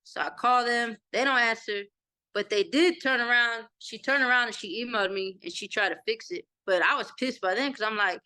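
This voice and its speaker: This Texan woman in her thirties has a voice on the high side, fairly quick, with a clean tone and no echo. As an interview guest, she tells a casual story and animatedly acts out the quoted dialogue.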